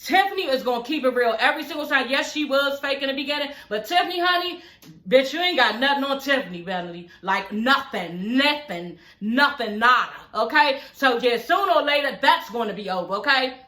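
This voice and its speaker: A woman in her forties giving blunt, profane, animated commentary in a casual vlog, often laughing as she talks. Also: sits high, fast talker. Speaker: reality TV reviewer. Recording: roomy echo.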